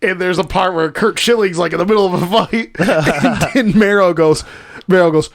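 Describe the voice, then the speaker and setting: Rambling, profane young podcast host. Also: male voice, high-pitched, moderate pace, creaky, no echo, studio quality. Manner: rambling, profane, laughs while retelling bits. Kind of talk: casual podcast chat.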